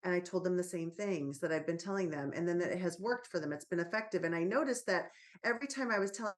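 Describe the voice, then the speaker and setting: A woman's voice: lowish voice, quick pace. A woman, a parenting author and guest on a podcast, talks in an earnest, reassuring way and tells stories from her own life as a mother. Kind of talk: casual podcast conversation.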